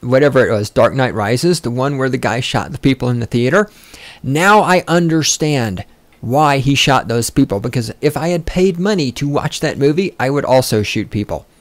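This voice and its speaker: A man's voice: mid-range voice, animated, moderate pace, no echo. Guy on a podcast going off on a sarcastic cussing rant, voice bouncing up and down, dry close sound. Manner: profane, sarcastic, easily sidetracked. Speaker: podcast host. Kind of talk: rambling casual rant.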